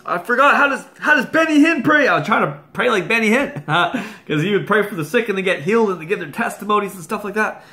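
A man preaching a sermon, telling a personal testimony in an animated way and laughing often. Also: sits high, fast, hardly any pauses.

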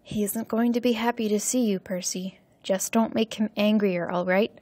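A woman playing a tender, worried mother in a storybook reading, speaking softly and pleadingly. Her voice stays gentle and hushed, close to the reader's own. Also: medium pitch, steady tone, moderate pace, no echo, close to an everyday voice.

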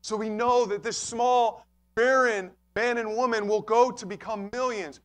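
A man's voice: high-pitched, fairly even intonation, a little slow. A man pastor preaching a sermon, emphatic and repeating key phrases, addressing listeners as friends.

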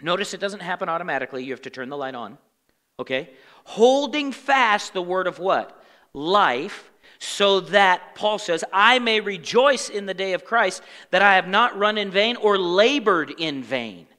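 A man teaching scripture from the pulpit, his voice bright and lively, swinging from pointed questions to low, muttered impressions of complainers. The sound carries a long church-hall reverb. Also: normal speed. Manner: asks the congregation fill-in questions, animated and conversational; acts out grumbling complainers in muttered asides. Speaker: pastor. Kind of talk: Bible study sermon. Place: church sanctuary.

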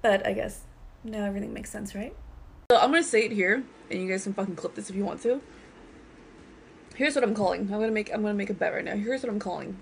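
A woman's voice: medium pitch, fast, vocal fry, slight background noise. A woman ranting in a blunt, profane, emphatic way in casual talk. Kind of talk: casual rant.

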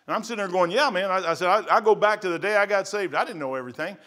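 Pastor, middle-aged man, sermon in a church; bright, forceful, slightly high voice, lurching between hushed and fervent. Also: rapid-fire. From United States. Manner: swings from quiet musing to loud fervent testimony. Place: church sanctuary.

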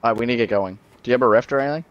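A man streaming a game with friends, teasing them and calling out quick orders to his squad. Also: mid-range voice, lo-fi sound. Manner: bossy, teasing, calls out orders. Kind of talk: casual gaming chat.

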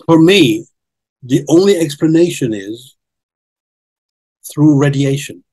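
Husky older man explaining insistently. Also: on the high side, animated, takes it slowly, a little mellow, rough recording. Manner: earnest, insistent, repeats key points. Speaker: documentary guest presenting research. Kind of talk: explanatory interview talk.

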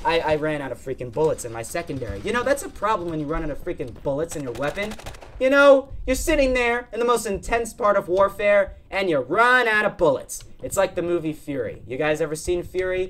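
A young man giving excitable gameplay commentary, jumping between muttering to himself and shouting, and often saying "freaking". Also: on the high side, a little fast. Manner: peppers speech with "freaking". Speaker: gaming channel host.

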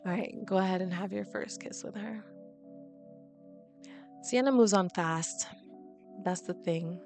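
Brief: young woman let's-play host, unhurried, middle pitch, giggly reactions, soft music underneath. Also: vocal fry. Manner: giggly, reactive, exclaims and laughs often. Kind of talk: casual gameplay commentary.

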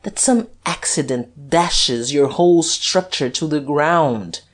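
Casting: woman reader doing a scornful, commanding duke with a low, unhurried, menacing delivery. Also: sing-song, darkish tone, full character voice. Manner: jeering, menacing, deep and compelling. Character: cold, commanding male gentleman thief posing as duke.

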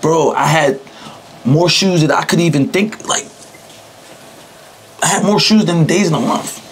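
A man's voice: a little high, measured pace, slight background noise, poor audio. A young man talking casually as an interviewee, in loose, slangy speech and often breaking into laughter. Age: young adult. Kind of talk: casual chat.

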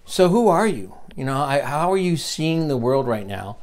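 A man's voice: on the high side, sing-song, moderate pace. Emphatic man teaching a leadership seminar. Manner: emphatic, repeats key lines and asks the listener questions. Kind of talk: virtual leadership seminar reading from a book.

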